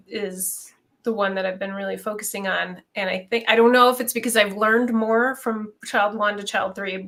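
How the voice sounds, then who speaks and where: A woman's voice: mid-range voice, a bit bright. A woman co-host in a casual chat, telling a candid personal story with lots of "like".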